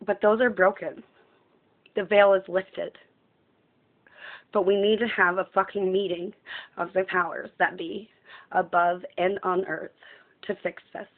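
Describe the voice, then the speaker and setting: A woman's voice: fairly low pitch, level tone, unhurried, long pauses. Woman ranting with phone-line tinniness. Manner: impassioned, profane, ranting. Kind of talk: emotional personal monologue. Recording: tinny phone-like sound.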